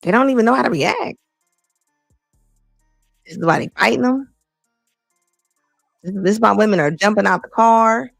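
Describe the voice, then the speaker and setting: Blunt gravelly woman commentator. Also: mid-range voice, normal speed, pauses often, no echo, studio quality, soft background music. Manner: blunt, emphatic, repeats lines for effect. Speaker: commentary host. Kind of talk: casual reaction commentary.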